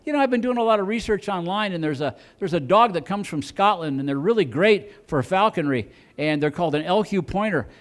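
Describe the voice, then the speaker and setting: A man's voice: high voice, expressive, brisk, few pauses. A man putting on a coaxing, evasive wife. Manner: hedging, wheedling, trailing off.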